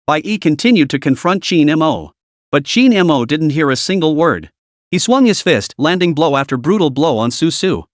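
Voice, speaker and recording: A man narrating a story recap, his fairly high voice rising and falling in lively swings as the tale moves on. The recording is close and completely dry, with no room sound at all. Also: normal speed, no room sound.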